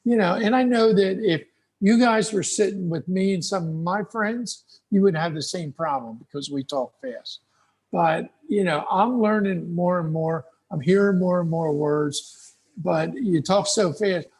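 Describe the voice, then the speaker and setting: A middle-aged American man giving folksy, relaxed advice to English learners over a video call. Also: high voice, normal speed, breathy edge. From United States. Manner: relaxed, folksy, acts out little dialogues. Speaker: guest speaker.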